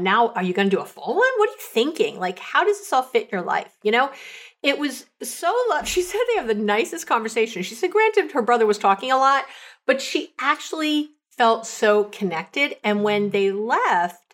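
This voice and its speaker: A woman's voice: on the high side, normal speed. Chatty woman coach hosting a podcast. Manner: chatty, animated retelling of client stories; lots of "like" and "you know" fillers. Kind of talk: casual advice podcast.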